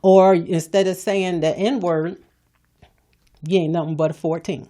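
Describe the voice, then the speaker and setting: An older woman hosts a podcast with a fairly low voice. She talks in a folksy, preachy way, blunt and scolding but with humor. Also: fairly even intonation, a little slow, mellow. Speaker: podcast host. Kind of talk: preachy motivational talk.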